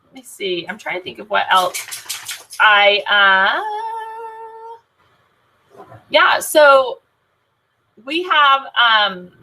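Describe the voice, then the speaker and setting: A woman with a bright, clear voice gives a casual team training talk. She rambles cheerfully, filling her speech with ums and quick restarts, always upbeat and eager. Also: mid-range voice, rough recording. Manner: chatty, many filler "um"s and restarts, upbeat. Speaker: team leader of a sales team.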